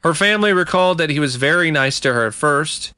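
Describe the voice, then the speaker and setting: A man's voice: a little high, expressive, quick pace, pushed and bright, clear, resonant tone, dry recording. A man co-hosting a casual true-crime podcast, recounting a case in a laid-back way with fillers and chuckles. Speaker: podcast co-host.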